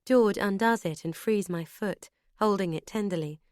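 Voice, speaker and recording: Female audiobook narrator, first person, brisk and expressive, close dry studio sound. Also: mid-range voice, no room sound.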